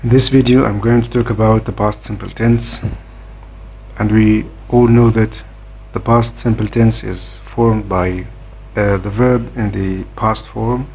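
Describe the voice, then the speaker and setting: A man explaining a grammar lesson in a measured way, pausing often with "uh" between points. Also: fairly low pitch, steady tone, gravelly, a little mellow, a little hiss or hum. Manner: measured, with frequent "uh" hesitations. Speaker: grammar teacher.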